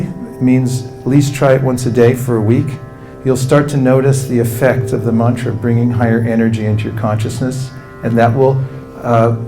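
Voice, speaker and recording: Mellow-voiced male meditation teacher. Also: medium pitch, creaky. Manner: calm, instructive, leads the audience through chanting. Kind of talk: spiritual talk with guided mantra chanting.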